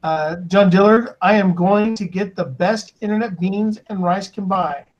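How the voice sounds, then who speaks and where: High-voiced man reading stream chat. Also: measured pace, lo-fi sound. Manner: reads viewer comments aloud, chuckling, stumbling over names. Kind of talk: casual live stream chat.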